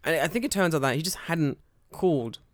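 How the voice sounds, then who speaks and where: A man's voice: fairly high pitch, brisk, no room sound, clean studio sound. A young man in casual podcast chat, telling a story with swearing and acting out quoted dialogue. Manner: animated, profane, acts out quoted dialogue. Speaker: podcast co-host.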